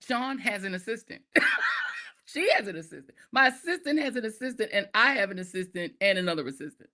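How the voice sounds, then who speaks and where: A woman's voice: medium pitch, lively intonation, a little fast, sharp tone. A woman hosting a podcast in casual chat, joking at her own expense and laughing often. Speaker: podcast host.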